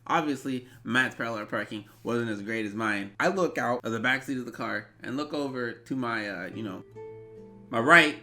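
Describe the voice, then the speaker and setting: A man in his twenties telling an animated, rambling story in a storytime vlog. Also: mid-range voice, normal speed, soft background music. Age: 20s. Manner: animated, rambling, bursts into yelps. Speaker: vlogger.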